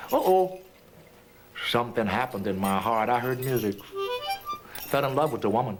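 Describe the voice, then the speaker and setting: A man performing a rhythmic, rhyming story, swooping between soft and loud in a sing-song way. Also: mid-range voice, animated, normal speed, long pauses, soft background music.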